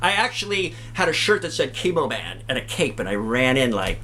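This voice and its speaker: A man's voice: mid-range voice, a little fast, slight background noise. A middle-aged man, a singer and cancer survivor, telling upbeat, joking stories from his own experience. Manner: upbeat, joking, animated storyteller. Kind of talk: singing then storytelling talk.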